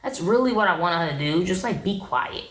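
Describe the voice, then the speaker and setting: Woman, reality show recap, blunt and sassy, pitch swooping up and down, echoey room. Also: expressive, fairly quick, a bit bright. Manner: sassy, blunt, talks straight to viewers. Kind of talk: casual recap commentary.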